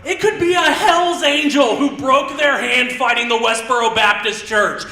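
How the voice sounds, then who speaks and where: A man in his thirties doing live stand-up comedy on a theater stage, rambling and self-deprecating with quick asides. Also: very high voice, pushed and bright. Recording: roomy theater sound, mic heard from a distance.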